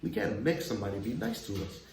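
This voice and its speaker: A laid-back man hosting a chatty reaction commentary who often breaks into laughter. His voice sits low. He sounds like he is in a roomy, echoey space with a faint hiss of noise. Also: sing-song, fast, vocal fry, darkish tone. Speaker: host.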